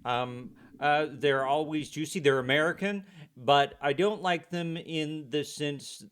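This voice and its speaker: A man co-hosting a podcast, giving joking, absurd quick-fire answers. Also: fairly high pitch, fairly bright tone, smooth. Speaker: podcast co-host. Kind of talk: casual chat.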